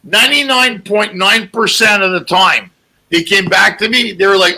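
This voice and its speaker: Raspy, bright-voiced comic man. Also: sits high, normal speed, poor audio. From Greek heritage. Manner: animated, joking storyteller with raspy, gravelly voice. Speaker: comedian guest. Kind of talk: casual interview chat. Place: lives in England.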